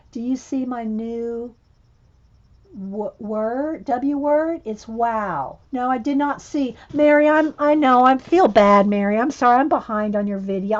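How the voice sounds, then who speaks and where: A middle-aged woman who hosts an art channel rambles through casual livestream chat, restarting her sentences again and again. Her voice is a little high, she has the hiccups, and the audio sounds dull.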